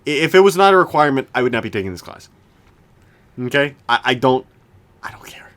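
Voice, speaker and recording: A young man co-hosting a casual podcast chat, rambling with lots of restarts and animated rants. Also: mid-range voice, fast talker. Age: young adult. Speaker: podcast co-host.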